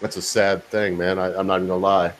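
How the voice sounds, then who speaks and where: A low-voiced American man hosts a live stream in a rambling, casual way. He swears freely and drops jokes into the chat as he talks with his guest. His voice sits a little lower than most men's. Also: flat delivery, quick pace, a little hiss or hum. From United States. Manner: rambling, profane, jokey banter.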